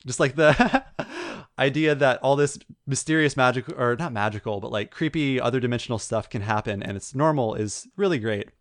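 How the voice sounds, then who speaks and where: A man co-hosting a podcast, chatting casually and retelling a story with lively acted-out quotes. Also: medium pitch, normal speed, no echo, studio quality. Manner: animated storyteller, acts out quotes. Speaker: podcast co-host. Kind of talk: casual chat.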